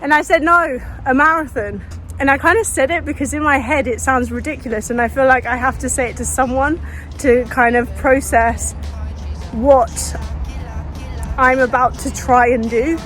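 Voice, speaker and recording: Soft background music plays as a woman vlogs while running along a street, holding her phone to record. Her voice sits high and a bit bright, at normal speed with fairly even intonation, and she's breathless, dry-mouthed, earnest and rambling, frequently starting over.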